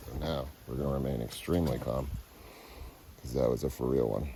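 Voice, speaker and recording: A man's voice: very deep voice, fairly quick, creaky, background noise. A man talking casually and profanely in a vlog, coaxing his animals between remarks to the camera outdoors. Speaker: animal keeper vlogger. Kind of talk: casual unedited vlog talk.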